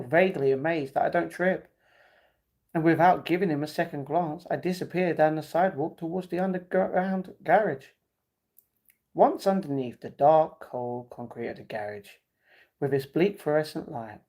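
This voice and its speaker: A man's voice: on the high side, darkish tone. A man reading a novel aloud on a live stream, stumbling and correcting himself, with breaks where he laughs at the chat.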